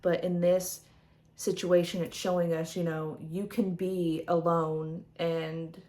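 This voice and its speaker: A woman's voice: on the low side, flat delivery, slow. A woman vlogger chatting casually as she shows her tarot decks, rambling with lots of fillers. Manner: rambling, soft-spoken, many fillers.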